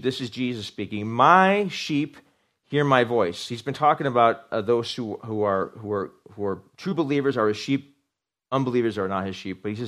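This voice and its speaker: A middle-aged man preaching a sermon, animated, repeating words for emphasis and asking his congregation questions. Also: mid-range voice, a little fast. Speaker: pastor.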